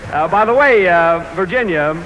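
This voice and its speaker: A man hosting a 1940s radio comedy show, vain and deadpan, often stammering when flustered. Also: high-pitched, normal speed. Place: live broadcast before an audience. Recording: noisy 1940s radio broadcast.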